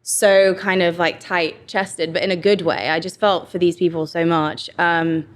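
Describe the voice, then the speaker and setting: Chatty English woman, low voice. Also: a little slow. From England. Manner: chatty, animated storytelling with quoted asides. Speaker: actor guest. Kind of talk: casual interview chat.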